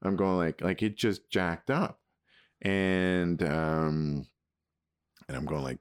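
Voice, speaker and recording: A man co-hosting a podcast, telling rambling stories and grumbling in a relaxed chat. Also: deep voice, slow pace, pauses often, smooth, dry recording, studio quality. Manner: rambling storyteller, mock-grumbling. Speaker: podcast co-host. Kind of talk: casual chat.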